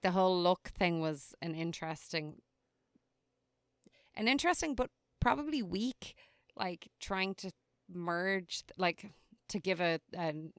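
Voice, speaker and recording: A woman's voice: fairly low pitch, a bit bright, smooth, no room sound, studio quality. A woman co-hosting a podcast, chatting casually and with amusement as she recaps a crime series, with plenty of "like" and "um". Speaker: podcast co-host.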